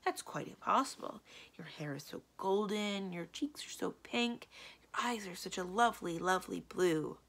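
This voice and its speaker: A woman doing an excitable lovestruck magician. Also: mid-range voice, normal speed. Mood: doting. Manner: exclamatory, doting.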